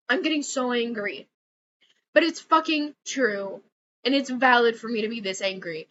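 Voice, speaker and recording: A woman's voice: high-pitched, pushed and bright, highs cut off. A young woman vlogging an angry, swearing rant, repeating herself as she builds up heat. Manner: heated, swearing, repeats words.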